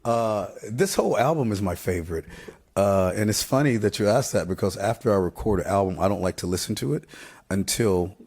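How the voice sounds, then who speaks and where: Easygoing low-voiced man in his fifties. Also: slightly rough. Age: 50s. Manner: relaxed, laughs often, warm and grateful; halting with fillers and restarts. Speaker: band singer, interview guest. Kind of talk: casual interview chat.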